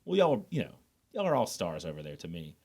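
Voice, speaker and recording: A man's voice: deep voice, wildly swooping pitch, brisk, darkish tone, husky. A laid-back, jokey man, co-hosting a podcast in casual chat. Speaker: podcast co-host.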